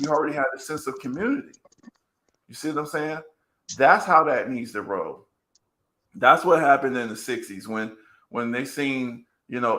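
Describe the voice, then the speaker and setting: A man with a bright, forceful voice talks at a middle pitch in casual commentary. He rambles, restarts and repeats words as he chases his point, earnest the whole way.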